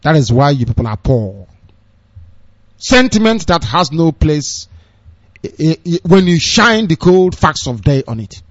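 A man's voice: on the high side, sing-song, a little slow, no echo. Man, Nigerian accent, sarcastic ranting news commentary, dry muffled sound. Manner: impassioned, scornful, sarcastic asides. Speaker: political commentator. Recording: dull, dry lo-fi recording.

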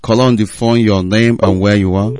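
A man's voice: fairly low pitch, steady tone, normal speed, a little mellow, no echo. A man hosting a radio call-in show, firm and insistent, repeating his prompts to callers.

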